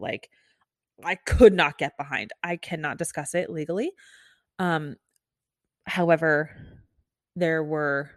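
Chatty woman podcaster, lowish dry voice. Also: dry recording. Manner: candid, chatty, full of likes and restarts. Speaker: nurse and podcast host. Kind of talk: casual solo podcast talk. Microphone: podcast microphone.

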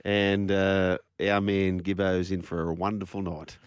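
A man's voice: low-pitched, little pitch movement, a little slow, smooth, no echo. An Australian man hosting a radio show, joking and teasing his co-hosts. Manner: jokey, teasing. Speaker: radio host. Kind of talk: casual radio banter. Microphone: studio microphone.

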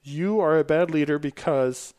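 A man in his thirties chatting on a podcast with a fairly high voice for a man. He talks bluntly and swears freely. He slips into quick little impressions of other people. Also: darkish tone. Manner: blunt and profane, acts out quoted dialogue. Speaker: podcast guest. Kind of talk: casual podcast chat.

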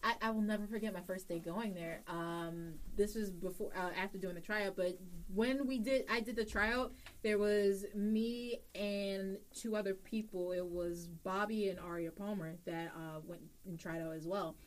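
A woman's voice: medium pitch, normal speed. A young woman, a wrestler, telling a story about her training in a casual interview, acting out what people said. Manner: animated, acts out quotes in story.

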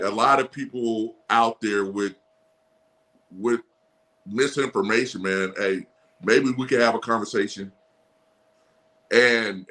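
A man in his forties, a former athlete guest, telling stories in a casual podcast chat, animated, laughing often and swearing freely. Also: lowish voice. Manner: animated storyteller, frequent laughs and profanity. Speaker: guest, former running back.

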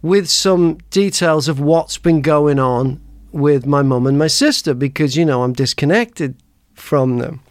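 This male podcast host's voice sits on the high side, and he speaks at an unhurried pace with no echo. In casual chat he wanders through personal anecdotes, frequently starting over and breaking into laughter.

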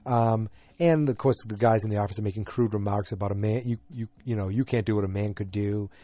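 A man casually recapping a TV episode, halting and rambling with frequent restarts. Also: on the low side, warm tone, dry recording. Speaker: show recap host.

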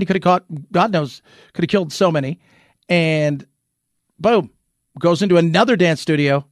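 A man with a fairly high voice hosts an opinionated news commentary. He talks in an animated, rhetorical way and keeps restarting his sentences. The sound is dry and close, with no room echo. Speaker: commentary show host.

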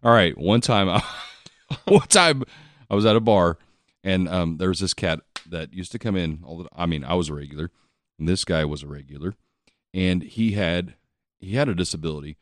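A man's voice: low voice, dry recording, clean studio sound. A man telling a long bar story in casual chat, profane and laughing often as he rambles.

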